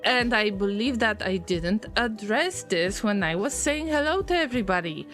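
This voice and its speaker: A woman streaming a game, chatting casually with viewers, easily distracted and prone to sudden excited alarm. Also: mid-range voice, moderate pace, soft background music. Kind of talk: casual live-stream gameplay commentary.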